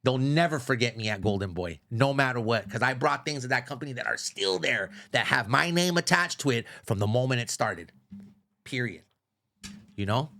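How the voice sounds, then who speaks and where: Profane, animated middle-aged man. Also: medium pitch, moderate pace, vocal fry. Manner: profane, animated, says "bro" often. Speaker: podcast guest, radio host. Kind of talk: casual storytelling.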